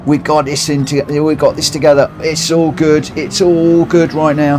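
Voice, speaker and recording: Brit male streamer, slightly high, slow and self-mocking, noisy game audio. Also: flat delivery. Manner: chatty, laughs a lot, self-mocking. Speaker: streamer racing and chatting to viewers. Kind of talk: casual live-stream commentary.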